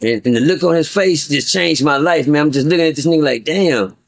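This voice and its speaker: Middle-aged man, higher pitch, casual storyteller, profane, stammering repeats. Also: a little fast, vocal fry. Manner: profane, repetitive, stammering restarts. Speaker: guest storyteller.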